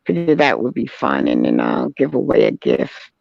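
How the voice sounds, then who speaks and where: A woman hosting a casual chat show, talking in an animated, storytelling way. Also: very deep voice, moderate pace, gravelly, no room sound. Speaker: host. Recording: dull lo-fi sound.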